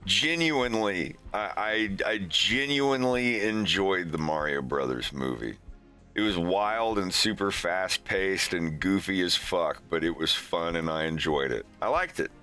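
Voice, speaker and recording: A man with a deep but sharp, forward voice chats on his stream at a slow, easy pace. He rambles and turns sarcastic, laughing often at his own jokes. Soft music plays faintly behind him. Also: animated, smooth. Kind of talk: casual stream chat.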